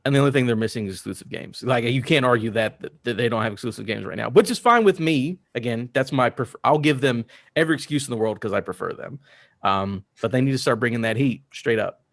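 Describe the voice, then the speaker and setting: A man's voice: mid-range voice, quick pace, creaky, no room sound, studio quality. A man co-hosting a gaming podcast, rambling enthusiastically while a bit drunk. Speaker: podcast co-host. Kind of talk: casual chat.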